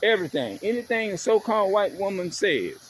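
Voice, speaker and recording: A man's voice: high-pitched, big pitch swings, fairly quick, a bit bright, a little hiss or hum. A man ranting in an emphatic, repetitive monologue to his viewers, swearing as he drives his points home. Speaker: vlogger.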